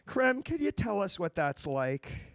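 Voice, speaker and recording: Animated joking man hosting a call-in. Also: high-pitched, measured pace, gravelly, no room sound, clean studio sound. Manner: animated, jokey, mock-indignant outbursts. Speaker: streamer hosting call-in show. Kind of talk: casual call-in chat.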